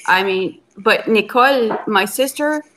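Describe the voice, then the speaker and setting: A chatty woman guest on a live stream, goofy and openly emotional, her voice sitting at a middle pitch. She talks over a video call in loose, rambling sentences. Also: measured pace, fairly bright tone, slight background noise. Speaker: guest cooking channel host. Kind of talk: casual live-stream chat.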